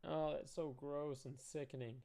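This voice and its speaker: A man's voice: on the high side, little pitch movement, normal speed, vocal fry, dark tone, dry recording. A young man doing casual reaction commentary, talking emotionally, often sighing, swearing and trailing off. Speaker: commentary streamer.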